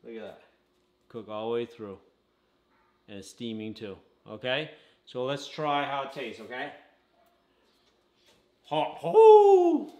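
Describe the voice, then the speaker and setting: A man's voice: mid-range voice, steady tone, moderate pace, pauses often, fairly bright tone. A man hosting a casual home cooking vlog, talking while he eats and tagging his sentences with "okay?". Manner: chatty, tags lines with "okay?", talks while eating. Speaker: channel host. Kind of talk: casual food review vlog. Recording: roomy echo.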